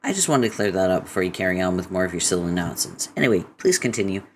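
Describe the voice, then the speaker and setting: A man's voice: deep voice, expressive, fast, slight background noise. A man voicing a prim, proper young woman in a webcomic read-aloud, formal and fussy. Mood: indignant.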